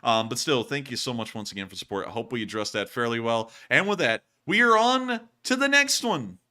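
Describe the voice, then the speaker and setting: A young man hosting a casual livestream and reading donations, animated and quick to laugh. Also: mid-range voice. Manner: animated, laughs often, swings loud and quiet.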